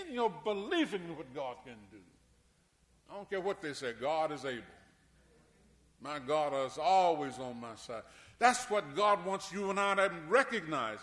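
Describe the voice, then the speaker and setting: A man preaching a sermon from the pulpit, with a bright, ringing tone and a voice a bit higher than most men's. He repeats words as he builds, sliding from quiet asides up to fervent hollering. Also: animated, moderate pace. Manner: preaching with repetitions, swinging from soft asides to hollering. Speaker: pastor.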